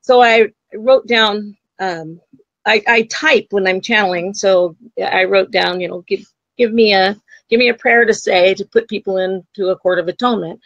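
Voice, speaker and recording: Animated woman storyteller, psychic-medium guest, dry and slightly muffled. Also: mid-range voice, moderate pace, no echo. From United States. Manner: animated storytelling, acts out quoted voices. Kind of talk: storytelling in an interview.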